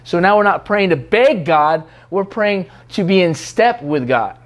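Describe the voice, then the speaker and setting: A man's voice: sits high, animated, unhurried. A man preaching a sermon in a conversational way, teasing and mimicking what others say in prayer.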